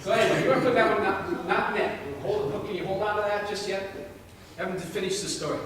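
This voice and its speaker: In a church sanctuary, a man with a high-sitting voice gives a fast, playful children's message, telling a story and asking the children questions. A crowd can be heard behind him, and the distant recording echoes through the hall.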